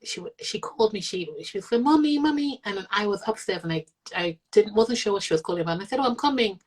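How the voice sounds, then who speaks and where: Speaking fast at a medium pitch, a middle-aged mother talks candidly in an interview about raising her autistic child. She's earnest and reflective, acts out others' words in quotes, and the recording quality is low.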